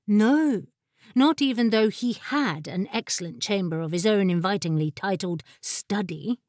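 A woman reads a fantasy audiobook from a script, her delivery measured and expressive, her pitch in the middle range. The recording is dry and close, with no room sound at all.

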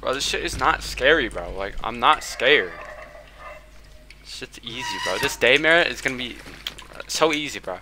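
A man narrating his game run with a lively, swooping voice, heavy on slang and curses, trash-talking the monster and yelping at jump scares. Clear hiss and noise sit under the recording. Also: mid-range voice, moderate pace. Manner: profane, slangy, mocks the monster, yelps when startled. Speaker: gaming channel host. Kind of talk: let's play commentary.

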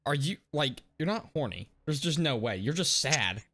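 A man's voice: on the high side, sing-song, moderate pace, bright, forceful tone. A young man chatting with friends during an online game, teasing them in a drawling way and laughing often. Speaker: gamer. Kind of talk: casual gaming chat with friends.

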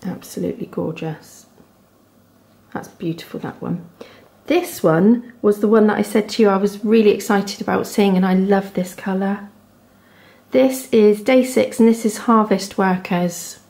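A woman in her thirties with a Devon accent, chatting casually at home as a knitting vlogger, gushing softly over her yarn. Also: medium pitch, steady tone, moderate pace. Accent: Devon English. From England. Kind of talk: casual chat to camera. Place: home, indoors.

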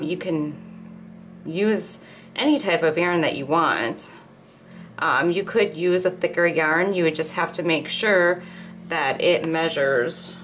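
On the low side, a middle-aged woman's voice guides viewers through crochet step by step from her home. She chats casually as her hands work, and slight background noise can be heard.

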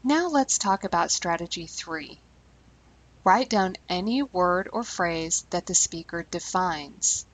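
A woman language teacher giving scripted instructional narration, speaking clearly and slowing down deliberately on key terms. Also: on the low side, animated, poor audio.

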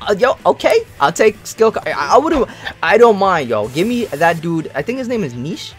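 Lively slang-heavy young gamer guy. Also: sits high, moderate pace, soft background music. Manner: excitable, slangy, grumbling at bad luck. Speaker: mobile game streamer. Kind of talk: casual gaming commentary.

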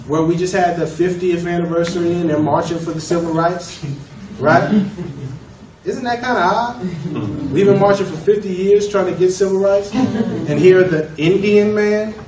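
A man teaching a law class, lecturing emphatically and putting questions to the students. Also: high voice. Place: college classroom. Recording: echoey room from far off, noisy.

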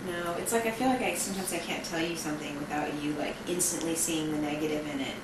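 A woman's voice: sits low, fairly even intonation, quick pace, hardly any pauses. A young woman in casual, frank conversation with a friend, talking freely with lots of fillers. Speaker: friend being filmed. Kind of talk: casual chat. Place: outdoors hangout spot. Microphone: camcorder mic from a distance. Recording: echoey, distant, noisy home video.

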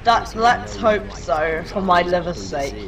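A speaker chatting slowly while playing a shooter and drinking, tipsy and giggly. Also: medium pitch. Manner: slow, slightly slurred, tipsy and giggly. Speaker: gamer. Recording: game gunfire noise behind.

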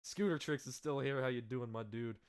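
A young man hosting a live stream, calling the action in a loud, excitable way and laughing often. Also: medium pitch, brisk, smooth. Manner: yells and laughs at big moves, then mumbles when fixing slides. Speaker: stream host and commentator.

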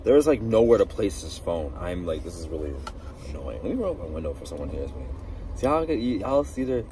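A man's voice: low-pitched, a little fast, far from the mic, poor audio. Guy venting in his car on a handheld phone, voice jumping all over, bit of traffic outside. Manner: animated ranting, sometimes loud outbursts. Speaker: vlogger. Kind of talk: casual car vlog chat. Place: inside a car at a drive-thru. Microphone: phone held in hand.

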